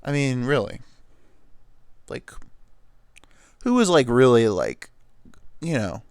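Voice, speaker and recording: A man's voice: medium pitch, very animated, slow, a little mellow, smooth, no echo, clean studio sound. A man hosting a comedy podcast, riffing in a rambling, profane monologue full of filler words.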